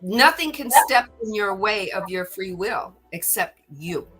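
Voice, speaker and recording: A middle-aged woman hosts a spiritual podcast, speaking earnestly with a bright, forward tone. She often doubles back on her words. Faint music sits behind her. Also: medium pitch, animated, unhurried, husky. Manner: earnest, repeats words when stirred. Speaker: podcast host. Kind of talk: spiritual talk.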